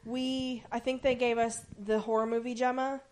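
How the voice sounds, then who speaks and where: A woman's voice: on the high side, normal speed. A woman co-hosting a casual chat, animatedly retelling a TV episode. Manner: animated retelling with playful quoted voices. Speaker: podcast co-host.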